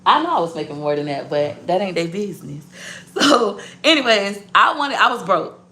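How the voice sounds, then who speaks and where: A woman business owner telling a story to her viewers in a blunt, profane, animated way. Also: mid-range voice, moderate pace, slight background noise.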